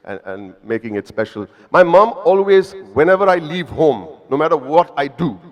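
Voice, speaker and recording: A man's voice: a little high, sing-song, normal speed, highs cut off. A man in his fifties with an Indian English accent, telling playful, self-deprecating stories to a live audience. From Mumbai, India. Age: 50s. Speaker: actor speaking at an evening event. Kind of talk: humorous storytelling to a live audience. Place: event hall before an audience. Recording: long reverb of a live event hall.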